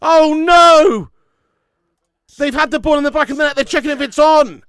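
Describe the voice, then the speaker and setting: A man hosting a live football watch-along, shouting at the players, swearing freely and chatting with viewers. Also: extremely high pitch, normal speed, no room sound, studio quality. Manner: excitable, sweary, shouts at the screen; reads out and answers viewer chat. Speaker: watch-along streamer host.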